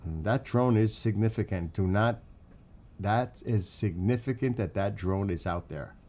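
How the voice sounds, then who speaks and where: A man from New York City with a New York accent, hosting a livestream and commenting on flight tracks while reading chat, excitable and rambling, asking questions as he goes. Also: lowish voice, unhurried.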